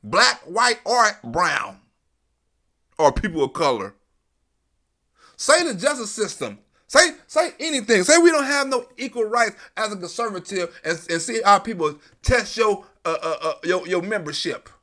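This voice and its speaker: A man's voice: high voice, very animated, measured pace, bright, forceful tone. A man hosting a live stream, delivering an emphatic, profane, repetitive political commentary rant.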